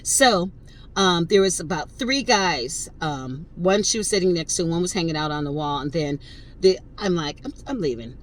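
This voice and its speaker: Animated woman in her fifties telling a story. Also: on the low side, normal speed, low-quality recording. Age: 50s. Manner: animated, emphatic, addresses listeners directly. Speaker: podcast host. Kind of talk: casual storytelling.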